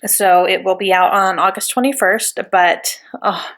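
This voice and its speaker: A woman vlogging about a new book at home, gushing and bubbling over with excitement. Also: mid-range voice, unhurried. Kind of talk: excited casual vlog. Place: home couch.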